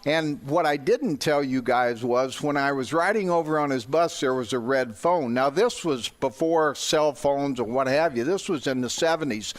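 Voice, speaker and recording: An older man from the St. Louis area tells a personal anecdote as a guest on sports talk radio. His voice sits at an ordinary middle pitch. He acts out the other people in the story, jumping high or dropping low for their quoted lines. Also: moderate pace, few pauses. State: gets emotional.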